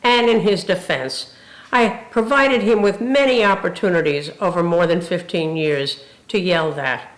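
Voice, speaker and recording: A woman's voice: fairly low pitch, unhurried. An older woman, a retired university president, telling funny stories in a tribute speech. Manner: warm humorous storytelling. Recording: roomy echo.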